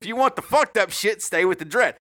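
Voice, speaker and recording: A man's voice: sits high, animated, fairly quick, pushed and bright, no room sound. A man co-hosting a casual true crime podcast, a profane, rambling joker who is a little tipsy from drinking, on a close podcast mic. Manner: profane, joking, rambling storyteller. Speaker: podcast co-host.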